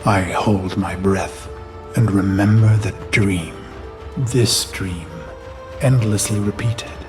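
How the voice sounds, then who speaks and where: Over music, an actor with a fairly low voice speaks slowly as a brooding, vengeful human warlord narrating a memory. It's a grave, haunted inner monologue for a game cutscene, recalling his past.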